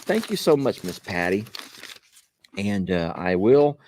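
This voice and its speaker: Folksy man with a lively voice. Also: lowish voice, takes it slowly, slight background noise. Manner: folksy, chatty, talks straight to viewers. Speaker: vlog host. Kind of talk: casual vlog chat while opening gifts.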